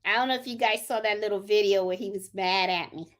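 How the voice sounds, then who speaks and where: A woman's voice: mid-range voice, quick pace, fairly bright tone. A middle-aged woman from Puerto Rico hosting a casual crafting livestream, chatty and greeting viewers one by one from home. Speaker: crafting channel host.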